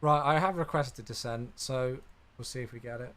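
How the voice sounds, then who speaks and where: A man's voice: medium pitch, moderate pace, a bit bright. A young man chatting casually on a live stream while flying a simulator, reacting aloud and answering viewers. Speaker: flight sim streamer.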